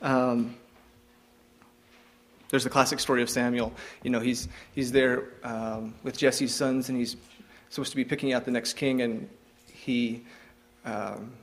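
A man's voice: medium pitch, steady tone, a little slow. A younger man giving an informal devotional talk, hesitant, with frequent ums and restarts.

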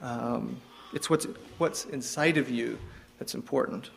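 Halting man musing with many ums. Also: medium pitch, gravelly, slight background noise. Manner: hesitant, frequent ums and restarts. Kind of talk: informal devotional talk.

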